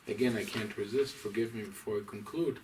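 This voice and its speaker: Rabbi lecturing from across a room. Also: male voice, lowish voice. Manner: deliberate, emphatic, scholarly lecturing. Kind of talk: lecture to a small audience. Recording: distant mic, faint room noise.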